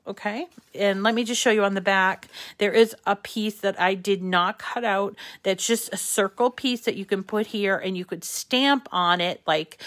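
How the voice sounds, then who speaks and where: A middle-aged woman with a slight lisp, hosting a casual craft tutorial in a chatty, self-deprecating way that thinks out loud. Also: mid-range voice. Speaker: crafting channel host.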